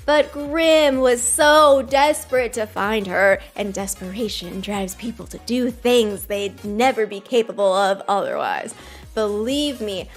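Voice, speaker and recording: A woman voicing a grave, brooding grown male wizard, reading his lines slowly and dramatically. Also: a little high.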